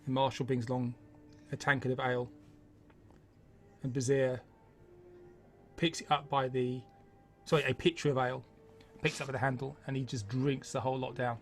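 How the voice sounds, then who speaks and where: A man's voice: mid-range voice, level tone, normal speed, faint music behind. A man narrating a tabletop game as game master, in a loose, rambling way that corrects itself as it goes.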